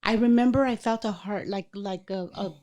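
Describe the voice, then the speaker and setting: A woman hosting a podcast, chatting casually and telling a personal story in an animated way, acting out the voices of people in it. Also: medium pitch, normal speed, highs cut off. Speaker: podcast host.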